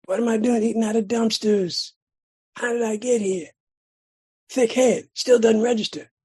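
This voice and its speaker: A middle-aged man from California sharing his recovery story at a meeting, telling it dramatically with sudden loud bursts and rhythmic repetition. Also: high-pitched, steady tone, moderate pace, slightly rough. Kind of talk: personal recovery testimony.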